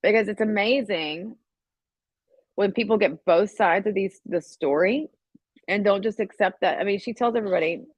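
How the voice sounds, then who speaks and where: A woman's voice: mid-range voice, normal speed, breathy edge, no echo. A woman hosting a casual livestream, rambling and swearing as she talks straight to her viewers. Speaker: livestream host. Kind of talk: casual live-stream chat.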